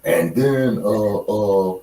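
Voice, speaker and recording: A man co-hosting a casual podcast chat, talking in a laid-back, drawn-out way. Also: on the low side, warm tone, echoey room, distant mic, rough recording. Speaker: podcast co-host.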